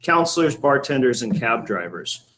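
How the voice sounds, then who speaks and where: A man's voice: mid-range voice, big pitch swings, normal speed, a bit bright, a little hiss or hum, poor audio. A middle-aged man, a coffee shop owner, telling a rambling anecdote in casual chat, with many fillers and restarts.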